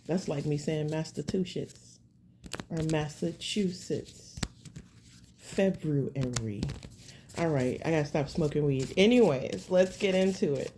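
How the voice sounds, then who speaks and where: A woman's voice: low voice, normal speed, background noise. A woman giving a casual tarot reading at home, talking straight to her viewers in a rambling, slangy, laid-back way. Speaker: tarot reader.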